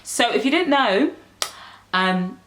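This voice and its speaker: A woman's voice: a little high, lively intonation, slow pace, fairly bright tone, reverberant. A young British-born woman chatting playfully to camera as a vlogger, laughing often. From United Kingdom. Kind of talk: casual chat to camera.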